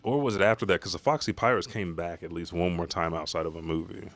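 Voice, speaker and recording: A man hosting a live comic reaction stream, talking in a rambling, profane, excitable way. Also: sits low, fast, soft background music.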